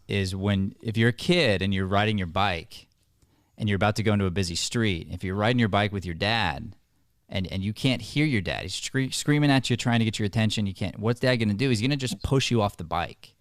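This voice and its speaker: A man's voice: fairly low pitch, lively intonation, a little fast, no echo, clean studio sound. A man hosting a podcast, talking earnestly in a casual way and often restarting his sentences. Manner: earnest, storytelling, with repeated restarts. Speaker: podcast host and acting coach.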